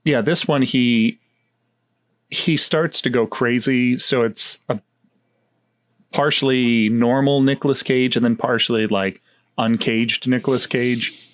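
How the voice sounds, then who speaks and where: A man's voice: medium pitch, steady tone, unhurried, fairly bright tone. A man hosting a casual movie chat, rambling along with many fillers and restarts. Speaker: podcast host.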